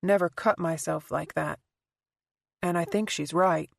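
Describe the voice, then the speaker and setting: A woman reading an audiobook and voicing a guarded, quiet man who speaks in a soft, halting way. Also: steady tone, gravelly, dry recording, studio quality. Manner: soft, halting, low-key delivery. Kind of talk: audiobook character voice.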